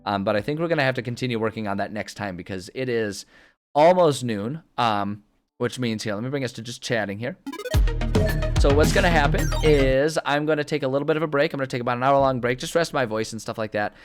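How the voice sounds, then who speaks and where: A man's voice: mid-range voice, fast talker, soft background music. A streamer thinking aloud in casual chat as he plans a story, rambling with many fillers and restarts. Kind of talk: casual livestream chat about story planning.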